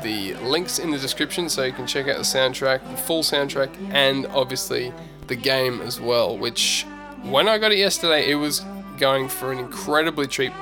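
A man hosting a podcast, chatting casually and playfully, with many pauses. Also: medium pitch. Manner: chatty, playful, halting with fillers. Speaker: podcast host. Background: music.

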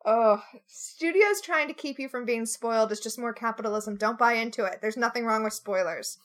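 A woman's voice: fairly high pitch, normal speed. A woman co-hosting a casual podcast chat, sarcastic and given to mock outrage. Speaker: podcast co-host.

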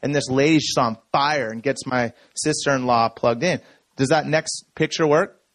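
A man telling a personal story from the stage in a relaxed, conversational way, checking in with the audience as he goes. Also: medium pitch, moderate pace, no echo. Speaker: speaker. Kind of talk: conference talk.

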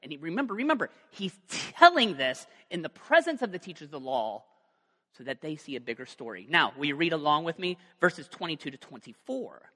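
A male pastor delivering a sermon with a bright, forceful tone, slipping into casual jokes and asides. His voice sits a little high for a man and rings out with a long reverb, as in a large church hall. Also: brisk. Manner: conversational and joking, lively asides.

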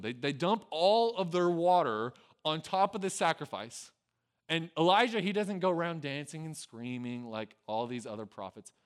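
A man preaching a casual storytelling sermon, conversational and peppered with "right?", who swings from loud acted lines to quiet, low asides. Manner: conversational, with a frequent tag "right?". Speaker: pastor.

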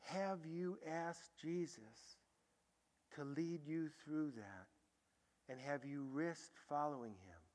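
A man preaching a sermon as a pastor, telling stories with sudden loud bursts and hushed, quiet stretches. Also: a little high, takes it slowly. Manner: animated storytelling, swinging from loud bursts to hushed tones. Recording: long hall reverb.

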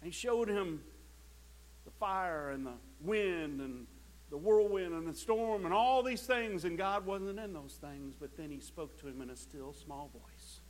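A male pastor with a high voice preaches an impassioned sermon, swinging from loud to hushed and repeating words as he starts phrases. His pace is measured, and the recording is rough.

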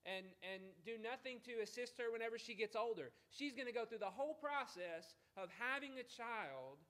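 A man's voice: very high voice, expressive, moderate pace, fairly bright tone. A middle-aged man preaching a conversational sermon, chatty and asking listeners direct questions.

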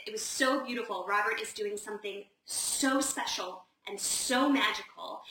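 A woman's voice: mid-range voice, sharp tone, far from the mic. A woman hosting a casual live Q&A, chatty and gushing, with lots of "like" fillers. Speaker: host of a live advice session. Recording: roomy echo, set back from the mic, faint noise.

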